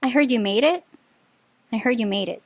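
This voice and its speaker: A woman giving a casual pick-a-card tarot reading, chatty and excitable, often bursting into delighted laughter and restarting her sentences. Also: fairly high pitch, a little fast, no echo. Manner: chatty, full of filler words and restarts. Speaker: tarot reader.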